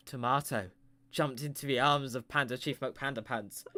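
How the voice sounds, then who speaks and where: A man's voice: mid-range voice, steady tone, moderate pace, pushed and bright. A man telling a rambling improvised comic story with playful, self-mocking asides.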